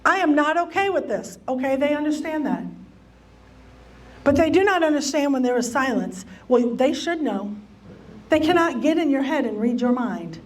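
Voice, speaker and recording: A woman's voice: high-pitched, expressive, moderate pace, a little mellow. A woman teaching a church lesson on relationships, emphatic, repeating key phrases and acting out what people might say. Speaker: church Bible study teacher. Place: church meeting room.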